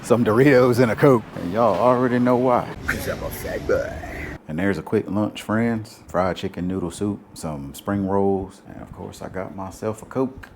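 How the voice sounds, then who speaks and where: In this casual vlog narration, a man with an extremely low voice jokes easily with the camera while wandering outdoors through a market and a laundromat on city streets. The background is noisy.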